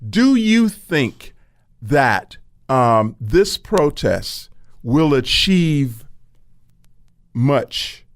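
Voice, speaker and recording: A man's voice: mid-range voice, very animated, very slow, long pauses. A man co-hosting a casual sports talk show, probing with follow-up questions. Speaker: podcast co-host.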